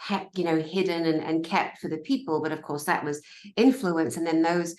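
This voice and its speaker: A woman hosting a casual talk, animated and scornful as she rambles. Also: low-pitched, moderate pace, roomy sound. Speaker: host. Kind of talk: casual chat.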